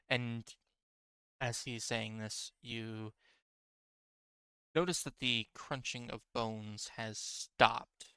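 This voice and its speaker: A man running a tabletop game on a stream, narrating the scene in a relaxed, hesitant way with many fillers. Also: mid-range voice, extremely slow, long pauses, clear, resonant tone, no echo. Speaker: game master.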